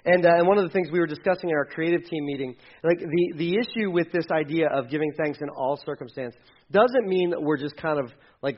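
A man preaching a sermon as pastor, animated, acting out quoted voices and swinging between loud and hushed. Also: a little high, fairly quick, dull audio.

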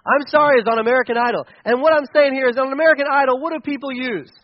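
A man preaching a sermon, animated and asking the audience questions. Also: very high voice, racing, dry recording, lo-fi sound. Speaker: pastor.

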